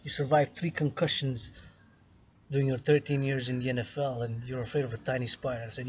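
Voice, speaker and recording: A man in a mid-range voice philosophizes outdoors, looping back over the same phrases again and again. He leans hard on some words and drops to a hush on others. Steady outdoor noise runs clearly under him. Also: medium pitch, moderate pace, poor audio. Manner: repetitive and emphatic, swinging between loud stresses and hushed whispers. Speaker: vlogger philosophizing to camera. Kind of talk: rambling monologue. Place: outdoors in the sun on an island.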